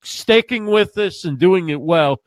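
A man's voice: sits high, expressive, a little slow, no echo, clean studio sound. Earnest man co-hosting a live stream. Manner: earnest, rambling, repeats words. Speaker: co-host. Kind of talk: casual live-stream chat.

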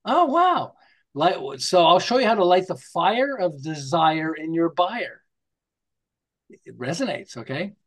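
A man's voice: a little high, a little slow. A man, a guest on an interview show, telling stories animatedly, acting out scenes and restarting his sentences as he goes. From United States. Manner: animated, acts out quotes and scenes; rambling with restarts, tells jokes. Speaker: guest, marketing author. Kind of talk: storytelling interview.

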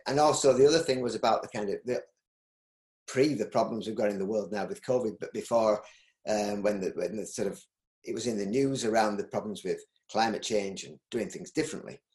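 Middle-aged Yorkshire man, interview guest, lowish voice, restarts a lot, roomy echo. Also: darkish tone. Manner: rambling, with frequent restarts and ums. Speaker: interview guest, business owner. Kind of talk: casual interview.

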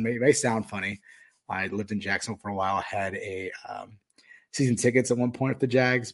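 A man with a fairly low voice hosts a casual sports podcast. He rambles through his betting picks, often restarting his sentences and leaning on fillers. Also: darkish tone, husky. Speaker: podcast host.

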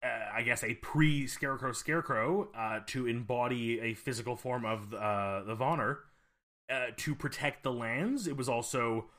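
A podcast co-host with a mid-range, slightly bright voice speaks at a moderate pace. He's casual, rambling and hesitant, full of fillers and restarts.

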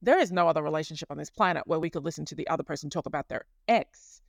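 A woman hosting a podcast in a chatty, animated monologue, often correcting herself mid-sentence. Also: low voice, rapid-fire, gravelly, no echo, clean studio sound. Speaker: podcast host.

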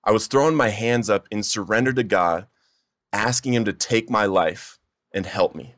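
A man's voice: fairly low pitch, normal speed, dry recording, clean studio sound. A young man telling his recovery testimony in an earnest, emotional way. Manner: earnest, emotional storytelling, rising to near-shouting in retold pleas. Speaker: testimony speaker.

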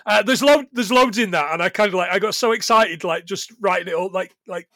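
A British man co-hosting a casual film podcast, animated, reading quotes aloud and laughing often. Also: high voice, brisk, dry recording, clean studio sound. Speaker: podcast co-host.

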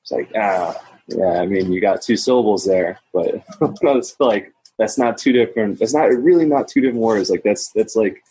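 A man's voice: lowish voice, normal speed, warm tone, breathy edge, rough recording. A young man talking casually as a podcast guest, rambling with many fillers and restarts. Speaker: podcast guest, Mandarin learner. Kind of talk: casual conversation.

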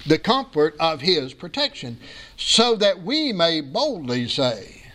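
Pastor, high voice, folksy sermon delivery with emphatic repetition. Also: male voice, very animated, slow pace, sharp tone.

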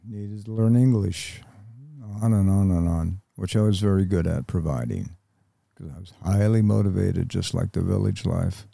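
An older American man speaks in a very low, gravelly voice, slow and reflective, stopping often to find his words. His tone is dark and mellow, recorded close and dry. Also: no echo. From United States. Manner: halting, reflective, with many pauses. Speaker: interview guest, Vietnam veteran. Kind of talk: reflective interview talk.

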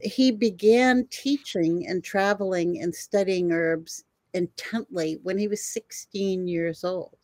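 Lively older woman telling stories. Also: fairly low pitch, slow, few pauses, no room sound. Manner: animated, laughing storyteller. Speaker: herbalist guest. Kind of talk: storytelling in a conversation.

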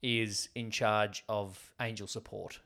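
A man's voice: fairly low pitch, little pitch movement, slow, a bit bright. A man co-hosting a podcast, chatting casually about a film and often trailing off with fillers. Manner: rambling, trails off with "like". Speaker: podcast co-host. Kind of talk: casual film discussion chat.

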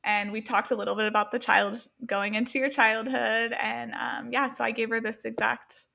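A woman's voice: a little high, flat delivery, normal speed, gravelly, sharp tone. A woman mindset coach as a podcast guest, talking in an earnest, reflective casual chat with many ums and likes.

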